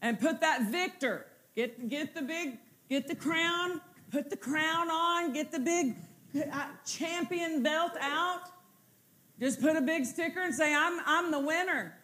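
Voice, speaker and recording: A woman's voice: high voice, takes it slowly. A woman preaching a sermon, repeating her phrases and building toward exultant declarations. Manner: repetitive, building to exultant shouts.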